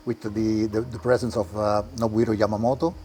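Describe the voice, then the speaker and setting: A man with an Italian accent, a car collector giving a tour of his garage and talking in halting English with many restarts. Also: fairly low pitch, flat delivery, background noise. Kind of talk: casual interview while walking a car collection. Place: indoor garage.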